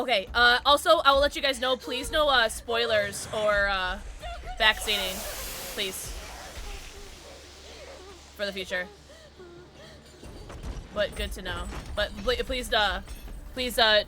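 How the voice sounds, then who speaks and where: A woman's voice: mid-range voice, pushed and bright. A young adult woman live-streaming a horror game, chatting with viewers and shrieking at jump scares. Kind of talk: live gameplay commentary.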